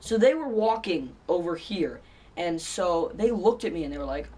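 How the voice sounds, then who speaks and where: A man's voice: sits high, expressive, a little fast, recorded from a distance. A teenage boy vlogger telling a story in a rambling way, with many fillers and restarts. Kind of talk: casual storytelling vlog.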